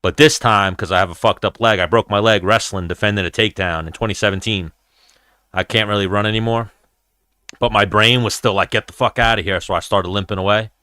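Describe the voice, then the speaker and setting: A man hosting a casual live-stream fight chat, telling animated, profane stories about brawls he has been in and reacting to viewer comments. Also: lowish voice, a little fast, clean tone, no echo, studio quality.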